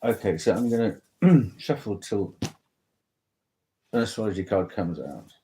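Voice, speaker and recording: A man's voice: lowish voice, lively intonation, unhurried, dark tone, slight background noise, poor audio. A man chatting casually through a tarot reading, rambling and interrupting himself often. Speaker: tarot reader.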